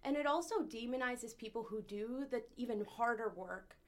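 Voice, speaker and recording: A woman's voice: on the high side, moderate pace. Blunt, cursing woman with a slight lisp. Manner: blunt, swears freely, heated and opinionated. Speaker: co-host candidate. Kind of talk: casual podcast chat, telling a story.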